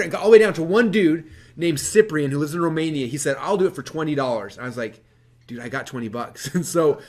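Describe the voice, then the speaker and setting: A man presenting a webinar, telling his story to a live audience in a lively, animated way with many fillers. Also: medium pitch. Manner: energetic, animated, quick-talking with many fillers.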